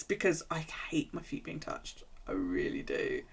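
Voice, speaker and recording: Woman, slightly low voice, casual chatty storytelling, swears. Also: huge pitch swings, moderate pace, vocal fry, hardly any pauses, fairly bright tone, slightly rough. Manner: chatty, rambling storyteller who swears freely. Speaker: streamer. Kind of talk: casual chat while journaling on stream.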